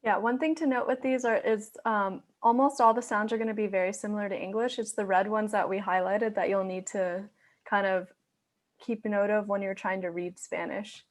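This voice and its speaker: A woman's voice: mid-range voice, fairly even intonation, normal speed. Young woman explaining pronunciation. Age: young adult. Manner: explains carefully, checking in with "right?". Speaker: student Spanish tutor. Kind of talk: casual online lesson. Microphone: video call.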